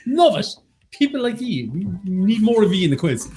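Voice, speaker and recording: A man's voice: high voice, very animated, fairly quick, mellow. A man with an Irish accent co-hosting a casual online quiz, teasing his partner and announcing upcoming events. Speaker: quiz co-host. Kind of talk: casual banter on a live online quiz stream.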